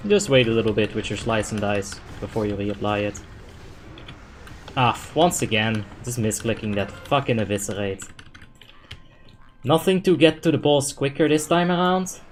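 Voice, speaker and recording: A man streaming a game live, answering chat questions in a relaxed, talkative way and swearing now and then when a play goes wrong. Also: lowish voice, moderate pace, soft background music. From Netherlands. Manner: relaxed, chatty, thinks out loud, swears when frustrated.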